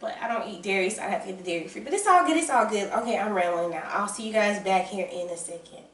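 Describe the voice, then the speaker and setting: Excitable Southern woman chatting in her kitchen. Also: mid-range voice, quick pace, distant mic. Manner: excitable, chatty, calls viewers y'all and baby. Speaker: home baking vlogger. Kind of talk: casual chat to camera. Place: home kitchen. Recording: roomy kitchen sound, off-mic.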